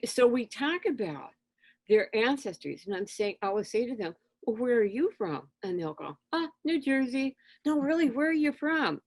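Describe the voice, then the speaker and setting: A woman guest in an interview, telling stories in a lively conversational way and acting out exchanges with children. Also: mid-range voice, no room sound. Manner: animated, acts out dialogue with children. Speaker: interview guest, spiritual teacher. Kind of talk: conversational storytelling.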